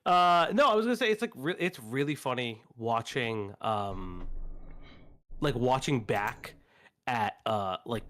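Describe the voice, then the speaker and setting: A man's voice: medium pitch, lively intonation, a little slow, a bit bright. A man guesting on a stream, chatting loosely, laughing a lot and swearing freely. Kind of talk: casual stream chat.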